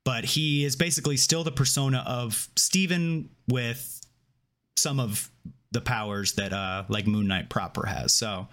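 A man's voice: medium pitch, unhurried. Casual man recapping a TV episode. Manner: relaxed, rambling recap with filler words. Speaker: podcast co-host. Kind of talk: casual chat breaking down a TV episode.

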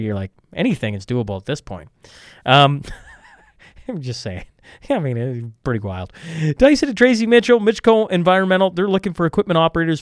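A man's voice: mid-range voice, no room sound, studio quality. A Canadian man hosting a podcast, fighting a cold, rambling through ad reads and tripping over his words with self-deprecating asides. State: has a cold. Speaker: podcast host reading sponsor ads. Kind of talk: casual podcast intro with ad reads.

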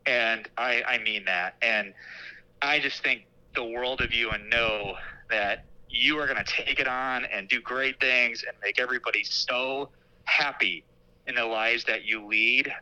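Bright-voiced earnest man in his thirties. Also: medium pitch, unhurried, clear, resonant tone, rough recording. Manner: earnest and heartfelt, repeats words as he starts over. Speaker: school administrator guest. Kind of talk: casual interview.

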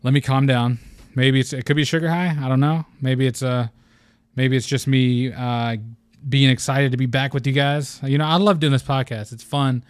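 A young man hosting a casual gaming podcast alone, excitable and scatterbrained, rambling and swearing casually into a close mic. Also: medium pitch, normal speed, clean tone, no room sound. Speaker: podcast host. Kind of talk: casual solo podcast chat.

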